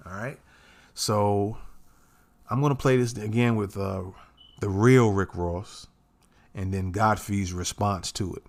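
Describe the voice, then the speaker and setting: A man's voice: fairly low pitch, fairly even intonation, takes it slowly, pauses often. A man hosting a podcast, talking casually and setting up a clip. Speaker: podcast host.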